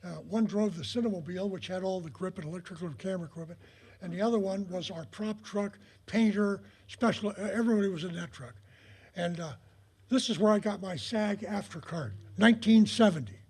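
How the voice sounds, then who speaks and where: Older male raconteur with a husky, high voice; rambling stories with acted-out quotes. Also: a little mellow. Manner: rambling, many filler pauses, acts out quoted dialogue. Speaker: retired prop master giving a talk. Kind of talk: anecdotal storytelling talk. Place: talk in front of an audience.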